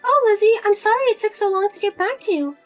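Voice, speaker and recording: A woman's voice: extremely high pitch, fast, faint music behind. A woman playing a pushy, self-pitying widowed mother who keeps guilt-tripping her daughter and asking for money, in a narrated drama. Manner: nagging, whiny, guilt-tripping.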